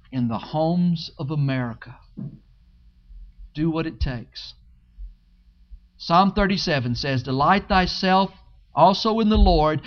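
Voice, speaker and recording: A man preaching a sermon as pastor. He swells and drops his emphasis and repeats key phrases. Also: high voice. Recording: dull lo-fi sermon recording.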